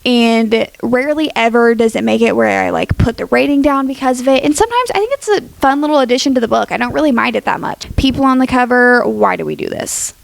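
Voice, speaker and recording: A woman's voice: fairly high pitch, animated, quick pace, creaky, few pauses. A young woman casually vlogging her opinions, chatty and dramatic with lots of filler words. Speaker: book YouTuber.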